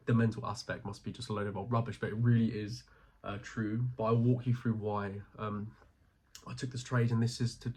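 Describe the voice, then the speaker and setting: A young man talks through his trades in a casual, filler-heavy ramble, a little out of breath. His voice sits fairly low and stays flat, without much rise and fall. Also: fairly quick, husky. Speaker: forex trading vlogger. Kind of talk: casual screen-share walkthrough.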